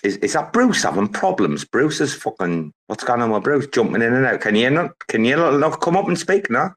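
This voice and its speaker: A man's voice: medium pitch, sing-song, fairly quick. A man hosting a casual live audio-room chat, rambling, swearing heavily and hyping things up. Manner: profane, rambling, hyped-up. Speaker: host.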